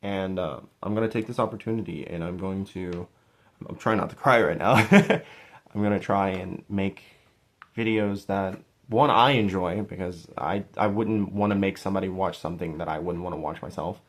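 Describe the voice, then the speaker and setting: A man's voice: low voice, normal speed. A young man speaking to his viewers in an earnest, rambling and self-deprecating way, with many restarts. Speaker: YouTuber thanking subscribers. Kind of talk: heartfelt casual vlog monologue.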